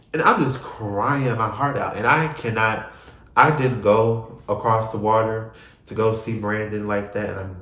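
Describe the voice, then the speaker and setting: Young male vlogger, low voice, emotional storytelling, roomy echo. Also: a bit bright. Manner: rambling, emotional, swings from crying to laughing. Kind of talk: casual storytelling to camera.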